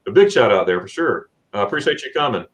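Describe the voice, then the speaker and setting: A man's voice: on the low side, very animated, fast, fairly bright tone. A middle-aged man hosting a casual livestream, telling a long story with many fillers and repeated words. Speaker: host.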